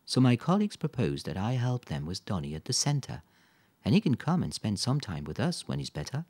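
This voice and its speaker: A man's voice: mid-range voice, sing-song, a little fast, a little mellow, breathy edge, voice pushed up. A man reading aloud, voicing a kind middle-aged mother who explains things patiently. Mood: pleased. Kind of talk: audiobook character voice.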